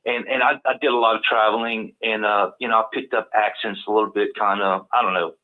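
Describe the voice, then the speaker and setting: Halting Cajun man on a phone line. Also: lowish voice, fairly even intonation. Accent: Cajun Southern US. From Louisiana, US South. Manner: halting, many repeated words. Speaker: call-in guest. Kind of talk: casual call-in talk. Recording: tinny phone-line audio.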